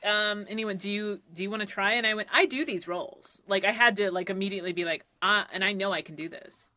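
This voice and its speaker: A woman's voice: medium pitch, level tone, fast talker, sharp tone, no room sound. A woman voice actor chatting casually on a podcast, telling a story and acting out the quoted lines, with some swearing. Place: recording booth. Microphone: studio mic.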